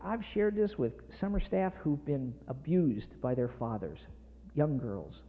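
A man's voice: fairly high pitch, lively intonation, measured pace, a little hiss or hum. A middle-aged man preaching a sermon with emphatic, passionate delivery that builds in intensity. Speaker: pastor. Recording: tinny phone-like sound in a reverberant hall.

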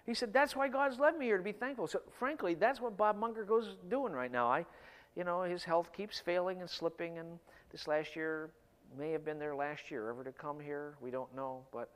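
A middle-aged man delivers a sermon in a fairly high voice, his words trailing off into a long hall reverb. He swings between emphatic bursts and quiet, drawn-out passages. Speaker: pastor.

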